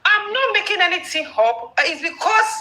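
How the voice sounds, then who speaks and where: A woman arguing in an online talk room, animated, laughing as she talks and cutting in. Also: very high-pitched, normal speed. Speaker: participant in an online audio room. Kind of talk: heated discussion. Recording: echoey with faint noise.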